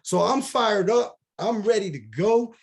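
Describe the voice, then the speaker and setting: A man's voice: high-pitched, sing-song, measured pace, slightly rough. A man on a video call earnestly telling a motivational story and acting out the voices of its characters. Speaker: team member.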